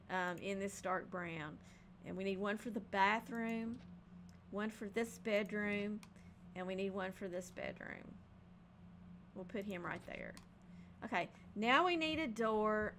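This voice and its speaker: A woman talks through a game home build in a relaxed, chatty way, pausing often with ums as she decides. Her voice sits at an ordinary middle pitch. A faint hiss runs under the recording. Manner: chatty, thinking aloud with frequent ums. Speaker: game building video creator. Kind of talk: casual gameplay narration.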